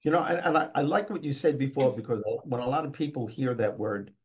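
A man's voice: mid-range voice, expressive, fast talker. An older man, a motivational speaker and guest, talking emphatically and upbeat in a conversational interview. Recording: dull lo-fi recording.

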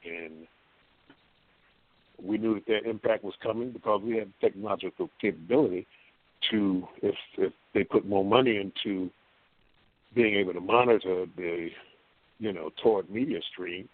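A man's voice: fairly low pitch, moderate pace, long pauses. A man talking as a guest on a call-in show, folksy and rambling, with many fillers and restarts, over a phone line. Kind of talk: call-in radio talk.

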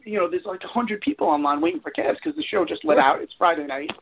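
A man, a convention showrunner and podcast guest, telling an animated story and acting out the quotes. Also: on the high side, fast, gravelly. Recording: tinny phone-like line with faint hiss.

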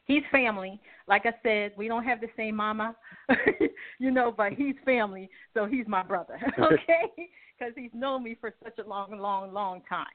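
A woman's voice: fairly high pitch, moderate pace. A chatty woman telling stories as a guest on a talk radio show. She laughs often and draws words out for emphasis. Her voice comes through a thin, phone-like line. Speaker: guest, music company head. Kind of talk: casual radio chat.

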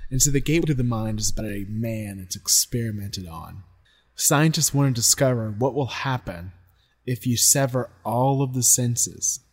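A man co-hosting a podcast, calmly explaining the sources of online horror stories. His voice is mid-range for a man. He talks in an easy, conversational way. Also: medium pitch, moderate pace, breathy edge. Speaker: podcast co-host. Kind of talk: casual podcast chat.

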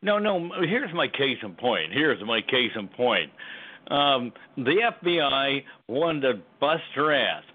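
A man on a thin, tinny phone line rants in a heated call-in, his pitch swinging up and down a lot as he stumbles and repeats himself. He sounds lively and worked up. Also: slow. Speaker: caller. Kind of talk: heated political call-in rant.

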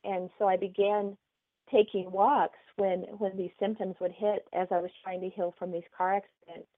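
A middle-aged woman with a light Oklahoma Southern twang, chatty and quick to laugh as she talks about her life. Her voice comes through a thin, phone-like remote call line with a dry, close sound. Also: mid-range voice, little pitch movement, no room sound. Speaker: guest author. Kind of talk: casual interview chat.

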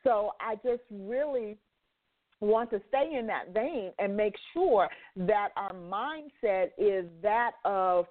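A woman's voice: mid-range voice, expressive, slow. A woman hosting a faith talk radio show, her voice nasal from congested sinuses, speaking fervently and repeating words for emphasis. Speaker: host. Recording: phone line.

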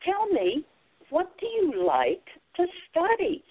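A woman's voice: very high-pitched, huge pitch swings, slow pace, pitched above the performer's own voice, heavily acted. A woman voicing a kind, encouraging woman schoolteacher. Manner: gentle, encouraging. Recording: tinny phone-like sound.

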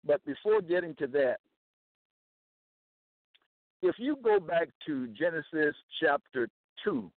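A man's voice: on the high side, lively intonation, slow, long pauses, dry recording, narrow, tinny audio. A man giving a Bible teaching, emphatic and repetitive, often checking that listeners follow. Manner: emphatic, repeats key phrases, checks in with listeners. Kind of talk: slow Bible teaching to camera.

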